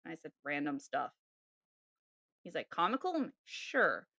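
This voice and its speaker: A woman co-hosting a podcast, telling a dating story in a casual, animated way with sighs and laughs. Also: deep voice, moderate pace, no echo, studio quality. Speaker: podcast co-host. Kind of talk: casual chat.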